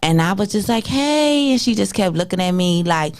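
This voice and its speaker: A woman's voice: lowish voice, brisk. A woman co-hosting a talk show who tells stories in a casual way and acts out the voices of the people in them. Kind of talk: casual storytelling chat.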